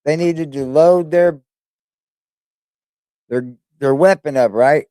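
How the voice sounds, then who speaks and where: A man with a drawl riffs through casual reaction commentary, loose and profane and full of slang. His voice sits a little high, and the sound is dry and close with no room around it. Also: slow, dark tone, clear, resonant tone, no room sound. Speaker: reaction streamer.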